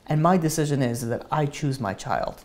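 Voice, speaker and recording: A man voicing a dying young mother who calmly insists on her choice, speaking softly and steadily. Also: mid-range voice, normal speed, natural voice. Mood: resolute.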